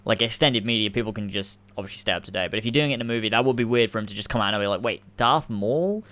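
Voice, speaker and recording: A man chatting on a casual podcast in a lowish voice. He rambles, restarts his sentences and fills gaps with likes and ums, often laughing as he explains. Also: steady tone, racing, fairly bright tone, clean tone. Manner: rambling, lots of fillers and restarts. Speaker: podcast co-host. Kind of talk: casual chat.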